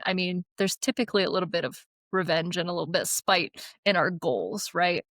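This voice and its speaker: A woman's voice: on the low side, a little fast, few pauses, a bit bright, dry recording. A young adult woman co-hosting a podcast in casual chat, candid and swearing freely. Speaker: podcast co-host.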